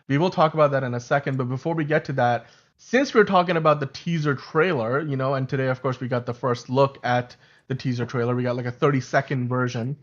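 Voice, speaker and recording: A man hosting a casual fan podcast, talking in a rambling, animated way with lots of fillers and restarts. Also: fairly high pitch, muffled recording. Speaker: show host.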